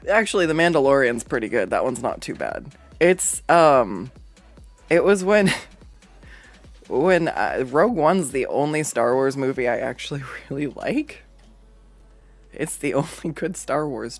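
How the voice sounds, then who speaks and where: An artist streaming a drawing session, chatting casually, rambling, often laughing and swearing, and jumping up in pitch when acting out quotes. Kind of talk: casual chat while drawing on a livestream.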